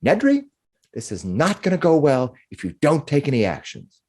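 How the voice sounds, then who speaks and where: Man playing a stern, insistent woman leader in a tabletop game; pitched well up. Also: wildly swooping pitch, moderate pace, a little mellow. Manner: insistent, pushy. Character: stern urgent woman leader, demanding action.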